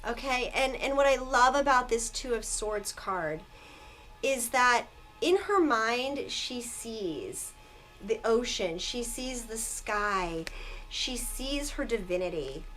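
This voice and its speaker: Emotional high-voiced woman reading tarot. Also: animated, takes it slowly, a bit bright, soft background music. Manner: earnest, emotional, repeats herself. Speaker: tarot reader.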